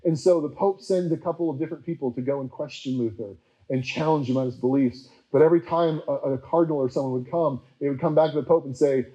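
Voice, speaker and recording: A man preacher giving a casual, chatty history talk, full of fillers and quickly acted-out quotes. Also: on the high side, dark tone, rough recording.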